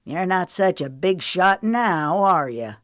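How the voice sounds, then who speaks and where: A woman voicing a menacing older sheriff who speaks softly and maliciously, in an audiobook reading. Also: sits low, slow pace, no room sound, studio quality. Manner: snarling, malicious.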